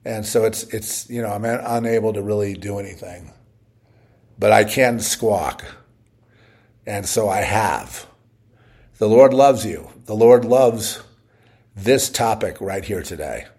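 Winded, gravelly man preaching. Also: fairly low pitch, a little mellow. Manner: blunt and plain-spoken, with rising bursts of exhortation. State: short of breath, on oxygen while recovering. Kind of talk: short spoken devotional message.

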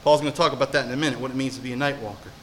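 A male pastor giving an animated sermon, swinging between hushed and loud delivery and often putting questions to his listeners. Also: mid-range voice, racing.

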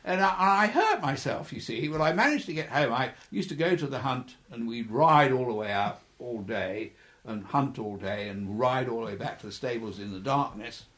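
An older man who once flew for the air force reminisces in an interview, chuckling through anecdotes and acting out the voices of people in them. His voice is medium-pitched, fairly bright and animated, at normal speed.

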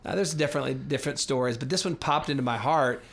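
A man's voice: mid-range voice, fast talker, gravelly. A man co-hosting a casual faith podcast, talking reflectively and sharing stories. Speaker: co-host.

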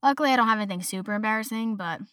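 Young woman, podcast host, casual rant, bright crisp voice, dry close mic, a little high. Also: very fast, no room sound. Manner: chatty, exasperated, mimics voices in quotes.

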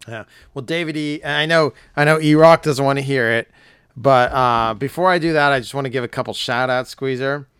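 A hoarse man hosting a podcast, chatting casually in a rambling, jokey way with some swearing. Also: mid-range voice, fairly quick, a bit bright, no echo, clean studio sound. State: hoarse, voice nearly gone. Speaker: podcast host.

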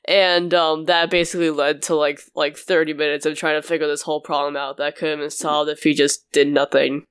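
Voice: mid-range voice, flat delivery, fairly quick, fairly bright tone, clean tone, dry recording. A co-host in a casual film review, rambling with many fillers such as "like" and "um". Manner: rambling, heavy use of "like" and "um".

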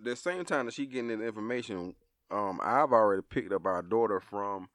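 A middle-aged man telling a family story in casual chat, expressive and laughing as he acts out his daughter. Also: lowish voice, brisk, no echo.

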